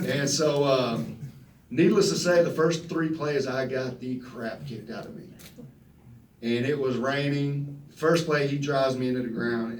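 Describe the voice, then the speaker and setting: Man, thirties, folksy animated storyteller, echoey room, distant mic. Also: medium pitch, normal speed, slight background noise. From Texas. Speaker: retiring football player at press conference. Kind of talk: storytelling speech. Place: press conference room. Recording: roomy echo from a distant mic.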